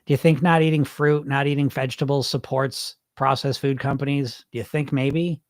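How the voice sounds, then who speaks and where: A man hosts a weight-loss podcast, reading listener comments in an unscripted monologue that is blunt, emphatic, animated and full of swearing. His voice is mid-range at a normal speed, with clean studio sound and no echo.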